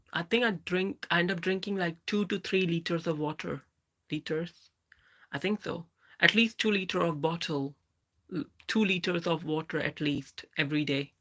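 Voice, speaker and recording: Trans woman, 30s, livestream host; bright, sharp tone; reads chat and greets viewers with halting restarts. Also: fairly low pitch. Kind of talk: live Q&A reading viewer comments.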